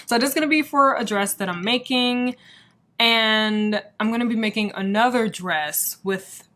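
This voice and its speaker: A woman hosting a casual crochet podcast, chatting to the camera in a rambling, excitable way with plenty of "like" fillers. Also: a little high. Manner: excitable, quick to get worked up. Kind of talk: casual chat showing yarn to camera.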